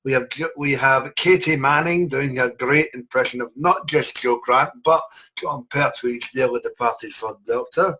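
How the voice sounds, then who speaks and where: A man's voice: mid-range voice, normal speed, bright, forceful tone, breathy edge, poor audio. A man hosting a casual podcast chat, introducing guests with jokes and lots of filler words. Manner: jokey, rambling with fillers. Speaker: podcast host.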